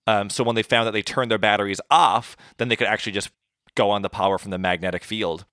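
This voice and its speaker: A man with a fairly low voice hosts a relaxed trivia segment on a podcast. He explains each answer chattily and leans on fillers as he goes. The sound is close and dry. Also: quick pace, no room sound. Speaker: podcast host running a trivia quiz. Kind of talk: casual chat.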